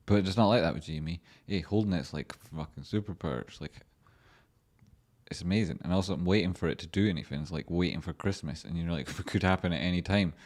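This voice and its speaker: A young man hosts a casual livestream, talking in a low register. He rambles from thought to thought, joking and swearing freely. His voice stays deep throughout, with the loose, unscripted flow of live chat. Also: fast, darkish tone. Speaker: livestream host.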